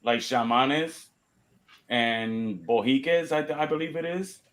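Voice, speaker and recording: A man's voice: mid-range voice, slow, fairly bright tone. A man from Rico, hosting a casual chat, blunt and swearing now and then. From Puerto Rico.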